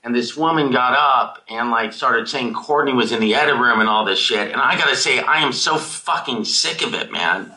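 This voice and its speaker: A film director answering audience questions over a video call, rambling and emotional, swearing casually. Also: male voice, mid-range voice, pushed and bright, poor audio.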